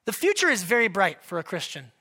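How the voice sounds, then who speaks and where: A male pastor delivers a sermon in a bright, forceful voice. He is animated and conversational, putting direct questions to his listeners and dropping in joking asides. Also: sits high, fast, slightly rough.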